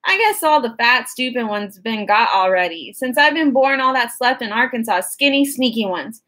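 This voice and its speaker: A woman's voice: fairly high pitch, lively intonation, moderate pace, a bit bright. A woman voicing a friendly, talkative country boy from the rural South with a drawl, reading an audiobook. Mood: easygoing. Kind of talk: audiobook character voice.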